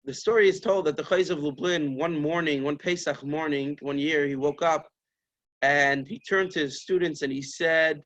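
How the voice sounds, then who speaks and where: A man, a rabbi, giving a sermon as an animated storyteller who acts out the figures of the story with Yiddish-flavored phrasing. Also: fairly high pitch, moderate pace.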